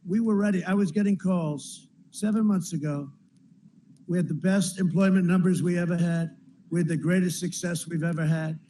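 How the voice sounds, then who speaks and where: A man's voice: high voice, darkish tone, slight background noise, poor audio. A man giving a campaign rally speech, rambling and repetitive, with frequent asides to the crowd. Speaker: politician addressing a rally. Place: large rally venue.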